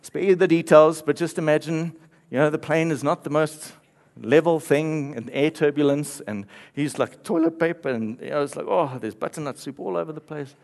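Guy preaching, telling a funny story, laughs here and there, pretty animated. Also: on the high side, normal speed, creaky, hardly any pauses. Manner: storytelling with playful asides and light laughter. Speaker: pastor. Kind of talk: sermon.

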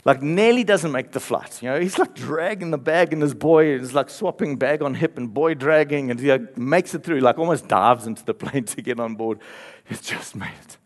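A man's voice: mid-range voice, normal speed, hardly any pauses. A man preaching a sermon, telling a story with playful asides and light laughter. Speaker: pastor.

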